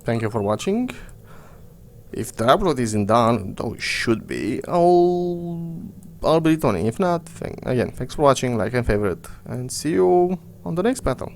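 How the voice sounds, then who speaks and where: A man's voice: medium pitch, big pitch swings, moderate pace, darkish tone, slight background noise. Man muttering over gameplay, cursing. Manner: swearing, muttering to himself. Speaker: gamer. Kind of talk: casual gameplay commentary. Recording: faint game music behind.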